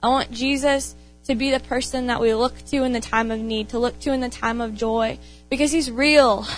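A woman's voice: fairly high pitch, steady tone, normal speed, soft background music, rough recording. A young woman giving an informal sermon to her church, earnest and passionate, repeating phrases for emphasis. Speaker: young speaker in a church gathering.

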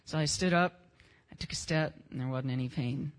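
A teenage boy shares his testimony at church, talking fairly quickly in a slightly high voice. His account is casual and unpolished, in simple language with a bit of slang.

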